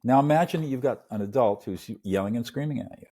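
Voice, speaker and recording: An older man, a mediator and podcast guest, telling stories in an earnest, animated way and acting out little scenes. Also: medium pitch, fast, breathy edge. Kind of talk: storytelling interview talk.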